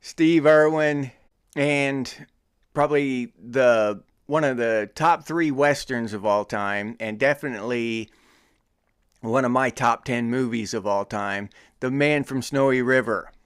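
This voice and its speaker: Smooth-voiced American man teasing casually. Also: mid-range voice, takes it slowly, no room sound, studio quality. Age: middle-aged. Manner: teasing, joking, chuckles often. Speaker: podcast host. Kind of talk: casual comedic commentary.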